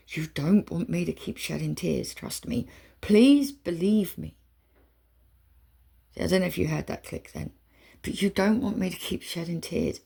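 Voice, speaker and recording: A woman's voice: medium pitch, creaky, warm tone, breathy edge. A woman in an emotional monologue spoken straight to her listeners, intense and swearing, sometimes dropping to a whisper. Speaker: spiritual reader. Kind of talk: emotional direct-to-camera monologue.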